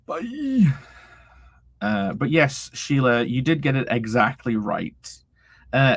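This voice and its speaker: Gravelly young man chatting with his stream. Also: fairly high pitch, very animated, normal speed, fairly bright tone, no echo. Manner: loose and profane, reading chat aloud, laughing often. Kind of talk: casual livestream chat.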